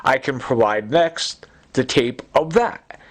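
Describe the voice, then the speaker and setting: A sleep-deprived man talking in a rambling, agitated monologue, halting and repeating himself with many fillers. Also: mid-range voice, lively intonation. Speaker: vlogger.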